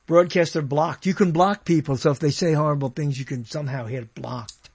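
A man's voice: fairly high pitch, fairly even intonation, brisk, gravelly, slightly rough, no room sound. A man giving bemused, off-the-cuff commentary as he browses live streams and reads the comments aloud.

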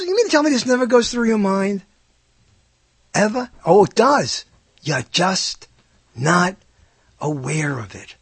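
Husky-voiced and animated, an older man muses aloud to listeners in a rambling monologue, his pitch swooping up sharply whenever he asks a question. There's no echo on the recording.

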